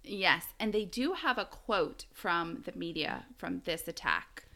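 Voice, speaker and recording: Giggly bright-voiced woman podcaster. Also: on the low side, lively intonation, unhurried, vocal fry. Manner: giggly, rambling, frequent laughter. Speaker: podcast co-host. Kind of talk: casual true-crime chat.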